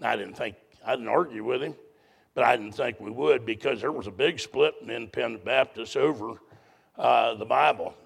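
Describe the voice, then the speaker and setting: Very gravelly older male preacher. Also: medium pitch, moderate pace. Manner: folksy, blunt, emphatic preaching. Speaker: pastor. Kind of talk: sermon.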